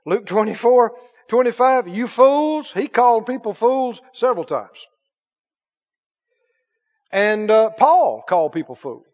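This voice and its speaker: High, lively preaching man in a hall. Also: unhurried, long pauses. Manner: animated preaching, reads scripture aloud. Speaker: pastor. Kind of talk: sermon. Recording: dull sound in a long-reverb hall.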